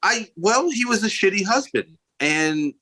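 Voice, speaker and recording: A man's voice: high-pitched, expressive, unhurried, a loud crowd, low-quality recording. A man, a guest filmmaker in a podcast conversation, talking emphatically and passionately as he argues his point.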